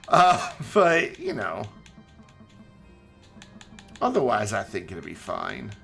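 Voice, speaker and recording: A man streaming a game, chatting casually and joking in a rambling, animated way. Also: mid-range voice, creaky. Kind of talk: casual chat while playing a game.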